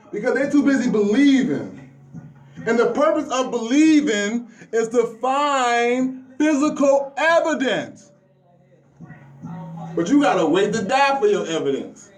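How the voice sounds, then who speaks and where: A man's voice: extremely high pitch, poor audio. A man giving a preachy, profane spiritual rant to the listener, repeating words and restarting his sentences.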